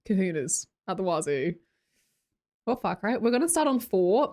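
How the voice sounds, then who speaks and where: A woman's voice: medium pitch, lively intonation, normal speed, a little mellow. A young Australian woman hosting a livestream, chatting casually, reading viewer comments aloud and laughing often. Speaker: livestream host.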